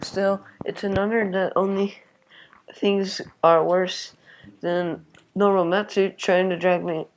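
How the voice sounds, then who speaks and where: A woman's voice: mid-range voice, little pitch movement, slight background noise. Casual woman reading game text aloud. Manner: casual, reacts with swearing and quick asides. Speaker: let's play gamer.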